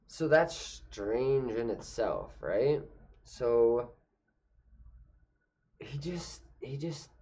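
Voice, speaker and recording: A man's voice: fairly low pitch, darkish tone. Young man, casual comedic storytelling, rambling, profane, muffled lo-fi audio. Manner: rambling, profane, lots of fillers and restarts. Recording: dull lo-fi recording.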